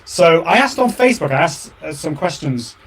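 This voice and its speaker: Guy doing a solo podcast, upbeat and rambly, kinda higher voice, lots of ums. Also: big pitch swings, moderate pace, slightly rough. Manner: upbeat, enthusiastic, rambling with repeats and fillers. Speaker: podcast and live show host. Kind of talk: solo casual chat to viewers.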